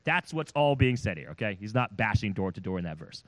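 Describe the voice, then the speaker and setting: A male pastor preaching a sermon in a church, animated, acting out the voices he quotes. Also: lowish voice, brisk, few pauses, no echo, rough recording.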